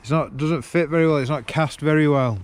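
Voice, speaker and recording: A slightly high male voice, steady in tone and fairly quick, comes from a car vlogger swearing casually at his handheld gimbal camera. He's outdoors beside a car at a roadside, working on it, with a noisy background.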